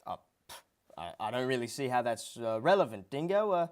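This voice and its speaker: A man hosting a mock TV comedy show, with showy announcements broken up by flat deadpan asides. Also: medium pitch, a little fast.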